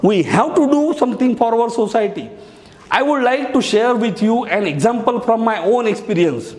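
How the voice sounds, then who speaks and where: A man's voice: very high voice, lively intonation, normal speed, darkish tone. A male teacher giving a lesson on speech writing, explaining each step and repeating key phrases. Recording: echoey hall.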